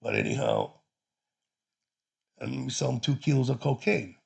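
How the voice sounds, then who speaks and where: A man's voice: medium pitch, huge pitch swings, moderate pace, vocal fry, slightly rough. A man from Chicago casually telling a personal story, rambling and profane with many restarts. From Chicago, USA.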